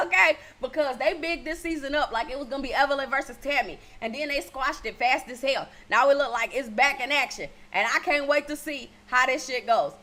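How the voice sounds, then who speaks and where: Sassy, profane high-voiced woman. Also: moderate pace, a bit bright. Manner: sassy, blunt and profane, laughs often. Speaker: TV show reviewer. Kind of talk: casual recap vlog.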